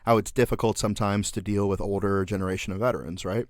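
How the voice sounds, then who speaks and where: Low-voiced profane veteran podcast host. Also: male voice, fairly even intonation, fast talker, no echo, clean studio sound. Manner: profane, laughing storyteller with many fillers. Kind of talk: casual podcast chat.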